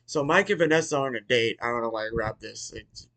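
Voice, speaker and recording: An excitable man rambles through a movie recap in an everyday middle-pitched voice. He stumbles over restarts, swears casually and jumps from mumbling to sudden loud bursts of excitement. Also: fast talker. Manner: rambling, profane, with many restarts. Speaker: movie reviewer.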